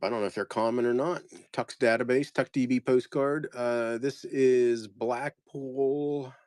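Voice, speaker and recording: Sorting a batch of postcards, a man who resells them chats casually, murmuring each place name in turn before his words fade out. He speaks at medium pitch in studio-quality audio with no room sound.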